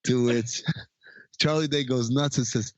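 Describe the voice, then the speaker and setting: A man's voice: mid-range voice, fairly even intonation, a little slow, no echo. Man, podcast co-host, casual profane movie recap, dry close sound, slightly dull audio. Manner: profane, laughing while retelling scenes.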